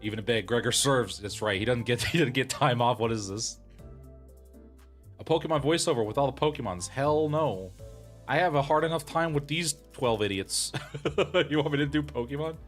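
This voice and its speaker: A man's voice: mid-range voice, normal speed, soft background music. A man chatting casually with his live stream audience in a self-deprecating way, laughing often. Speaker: streamer and voice actor.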